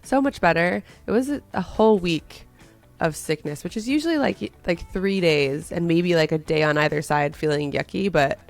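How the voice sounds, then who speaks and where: A woman co-hosting a podcast, hoarse from being sick, chatting casually and laughing often. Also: lowish voice, moderate pace, soft background music. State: hoarse from illness. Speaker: podcast co-host. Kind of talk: casual chat.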